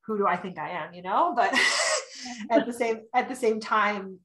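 A woman at a middle pitch talks animatedly as a podcast guest, slipping into playful acted-out quotes and laughter. Her voice carries a noticeable room echo. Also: moderate pace. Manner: animated and chatty, often acting out quotes and laughing. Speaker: human design reader, podcast guest. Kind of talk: casual podcast conversation. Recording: roomy echo.

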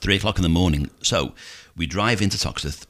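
Deep-voiced Scouse taxi driver telling tales. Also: male voice, brisk, vocal fry. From Liverpool, England. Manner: animated storyteller who acts out voices. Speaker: podcast host, taxi driver. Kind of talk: casual storytelling chat.

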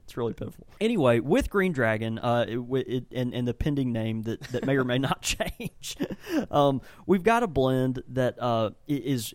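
A man's voice: mid-range voice, no room sound. A man co-hosting a casual podcast from a tobacco shop, talking enthusiastically and rambling through descriptions. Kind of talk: casual chat.

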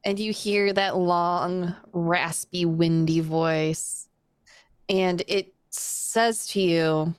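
A woman narrating as game master of a tabletop game, describing scenes in an unhurried, descriptive way. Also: lowish voice, fairly even intonation, clean tone, no room sound, studio quality.

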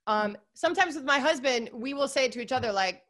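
A woman's voice: high voice, lively intonation, a little fast, fairly bright tone. A woman talking as a podcast guest in a casual, upbeat, gushing way, full of "like" and "you guys". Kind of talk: casual interview chat.

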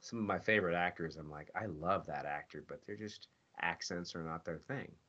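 Bright-voiced lively male actor. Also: low-pitched, normal speed. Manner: animated, acts out his own quoted lines. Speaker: voice actor guest. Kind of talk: casual storytelling interview. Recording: dull lo-fi audio.

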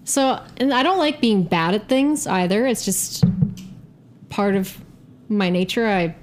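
A young adult woman telling a story in a casual podcast chat, animated, profane and self-mocking. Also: mid-range voice. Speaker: guest storyteller.

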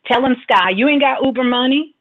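A middle-aged woman hosting a talk show and giving casual advice in a teasing, animated way. She laughs often and acts out the voices she quotes. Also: high-pitched, fairly quick. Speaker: radio host and spiritual advisor. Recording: tinny phone-line sound.

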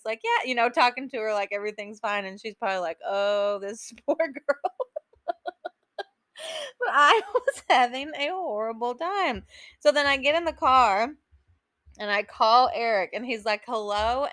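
A woman's voice: a little high, bright, forceful tone, dry recording. A woman hosting a podcast, telling a personal story in a casual, emotional way, with many "like"s and "um"s. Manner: chatty, emotional storytelling full of "like" and "um". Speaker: podcast host.

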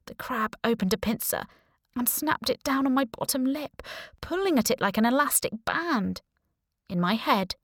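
A woman narrating a first-person audiobook with wry, deadpan humor and hushed asides. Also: a little high, normal speed, no echo, clean studio sound.

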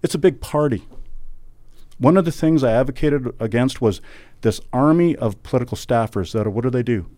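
Fervent middle-aged man, mellow voice. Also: mid-range voice, fairly quick, no echo, clean studio sound. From Canada. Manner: emphatic, repeats words, rising to fervent outbursts. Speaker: guest, former election candidate. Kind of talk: podcast interview, impassioned political talk.

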